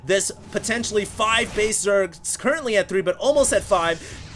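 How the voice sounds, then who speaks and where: High-voiced excitable male game caster. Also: moderate pace, a little hiss or hum. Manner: energetic, bursts into excited exclamations at big plays; chatty asides to viewers. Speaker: esports caster. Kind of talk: solo play-by-play commentary of a game replay.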